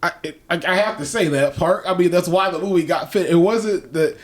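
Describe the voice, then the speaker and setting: A man's voice: sits high, fairly quick. A man co-hosting a podcast in casual chat, rambling with many restarts and now and then a swear word. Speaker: podcast co-host.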